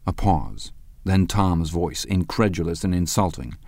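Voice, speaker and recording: A man narrating a novel as an audiobook in a measured, understated way. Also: sits low, lively intonation, darkish tone, no room sound. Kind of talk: scripted narration. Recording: dry close studio sound.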